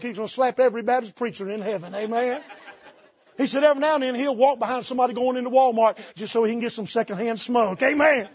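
A man's voice: very high voice, breathy edge, no room sound, highs cut off. A man, preaching a sermon in a church and telling folksy stories. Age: 50s. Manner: folksy storytelling with Southern idioms. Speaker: pastor. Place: church sanctuary.

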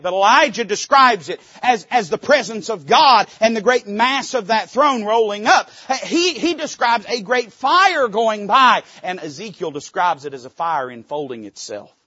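A man's voice: on the high side, fairly bright tone, slightly rough, no echo, highs cut off. A male pastor preaching from a church pulpit, emphatic and folksy. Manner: emphatic, folksy, quotes old scripture aloud. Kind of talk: sermon.

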